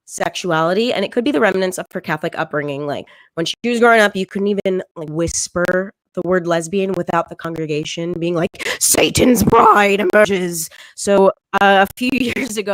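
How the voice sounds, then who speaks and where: Deadpan young comic with a dry sound. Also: female voice, lowish voice, no room sound, rough recording. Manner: deadpan, with frequent ums and little laughs. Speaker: stand-up comedian. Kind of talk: stand-up comedy set. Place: home, virtual show.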